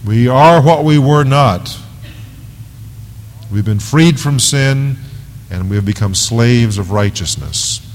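A man's voice: mid-range voice, expressive, slow, long pauses, slight background noise. A male pastor preaching an earnest, emphatic expository sermon in a church. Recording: long reverb of a large hall.

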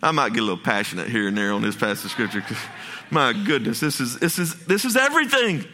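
A man's voice: lowish voice, fast talker, pushed and bright, a little hiss or hum. A man, preaching a passionate sermon as pastor, with folksy asides and many restarts.

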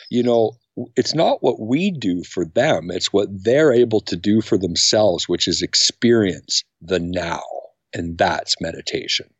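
Middle-aged guy on a podcast, lively, jumps up high when he quotes people, dry kinda dull audio. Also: a little slow, husky, no room sound. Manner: energetic, acts out quotes with jumps in pitch. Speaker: podcast guest, camp founder. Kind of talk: animated interview talk. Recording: dry, slightly dull sound.

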